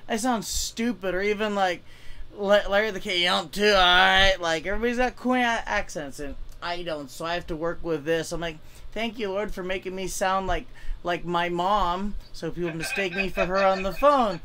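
A man's voice: high voice, moderate pace, a bit bright, slight background noise. A young man from California doing a stand-up set over a video call, rambling and self-deprecating with many stammered restarts. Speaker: stand-up comic.

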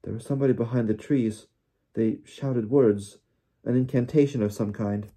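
A man's voice: mid-range voice, steady tone, moderate pace, warm tone, breathy edge. A man voicing a shaken teenage girl who speaks shakily and earnestly, in an audiobook reading. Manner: shaky, earnest. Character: shaken teenage schoolgirl witch.

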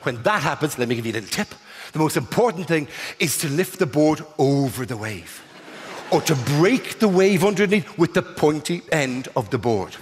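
An Irish man performing a stand-up comedy routine, telling a story with animated delivery, loud outbursts and acted-out voices. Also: on the high side, normal speed. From Ireland. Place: large theatre stage. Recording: echoey live hall with audience.

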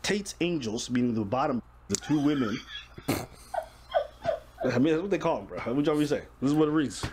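A man's voice: medium pitch, animated, moderate pace, pauses often, very noisy. A man hosting a casual reaction show, explaining the news bluntly with profanity.

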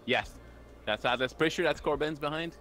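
A man's voice: a little high, brisk, a bit bright, soft background music. A man co-hosting a gaming stream, talkative and agreeable with a wry edge, speaking over a headset mic. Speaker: co-host. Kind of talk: casual chat while gaming.

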